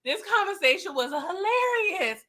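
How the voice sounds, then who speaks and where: Lively bright-voiced woman recapping TV. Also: very high voice, moderate pace. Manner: animated, slangy, laughs often. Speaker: TV recap host. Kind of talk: casual episode recap.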